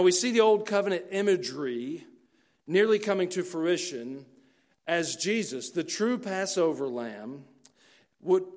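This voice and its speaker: Earnest preacher with a higher voice. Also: male voice, darkish tone. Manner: earnest, slows down for emphasis. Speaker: pastor. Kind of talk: sermon.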